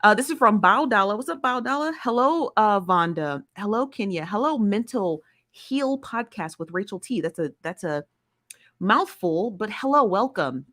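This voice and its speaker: A woman's voice: mid-range voice, fairly bright tone. A woman hosting a live stream, chatting casually and playfully while greeting viewers by name.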